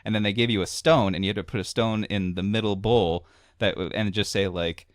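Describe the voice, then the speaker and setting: A man with a deep, low voice recounts a story to friends in a loose, meandering way, leaning on filler words and chuckling at himself. The sound is dry and close, with no room around it. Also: steady tone, brisk, no echo. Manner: rambling storyteller, filler-heavy, laughing asides. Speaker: podcast co-host. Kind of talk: casual chat.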